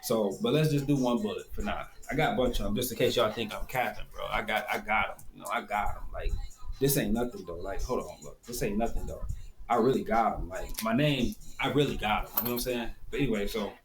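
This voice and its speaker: A man's voice: on the low side, fairly quick. A man with a Detroit accent telling a rambling, profane story and casually showing how something works. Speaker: video host. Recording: echoey room, faint background noise.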